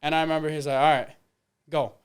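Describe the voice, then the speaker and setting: Young male fighter, rapid casual storyteller, smooth clear voice, slightly high. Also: level tone. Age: 20s. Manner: rambling, lots of fillers and quoted dialogue. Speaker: interview guest, MMA fighter.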